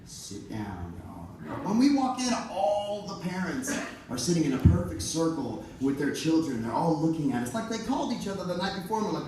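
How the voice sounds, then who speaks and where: A man telling a comic story on stage in a live venue, animated and profane, with frequent asides to the audience. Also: on the high side, moderate pace. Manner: animated, profane, playful, talks straight to the audience. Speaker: musician telling stories on stage. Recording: echoey venue, distant mic, audience noise.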